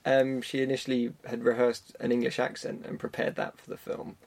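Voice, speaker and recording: A man's voice: mid-range voice, completely flat delivery, fairly quick, gravelly, darkish tone. A man hosting a film podcast, asking interview questions in a hesitant way with many fillers.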